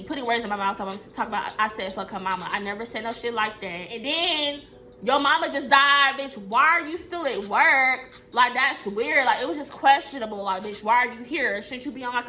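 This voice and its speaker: A young woman from Texas telling a workplace storytime in a casual monologue, blunt and profane, jumping up in pitch as she acts out quotes. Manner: blunt, profane and animated, acting out quotes with big pitch jumps.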